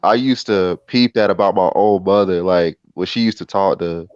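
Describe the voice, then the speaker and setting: A man from North Carolina chatting casually in a relaxed, reflective way, with many fillers. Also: low voice, moderate pace, dry recording, dull audio. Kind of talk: casual chat.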